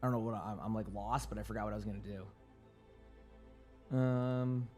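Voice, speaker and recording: A young man streaming and chatting casually with viewers, slightly hoarse from commentating, rambling along with fillers and restarts. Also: on the low side, unhurried, highs cut off, faint music behind. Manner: relaxed and rambling, answering chat questions with fillers and restarts. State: yawning, sleepy.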